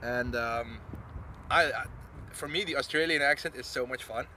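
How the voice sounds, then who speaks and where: A Dutch man hosting a live plane-spotting stream outdoors at an airport, chatting casually, reading out chat messages and getting excited as planes land. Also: mid-range voice, normal speed, poor audio. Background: clear outdoor traffic and urban noise.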